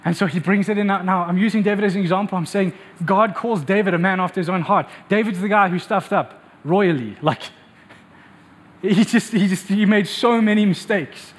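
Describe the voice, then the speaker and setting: High-voiced preacher man, animated. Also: fairly quick. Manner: animated storytelling with acted quotes. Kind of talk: sermon.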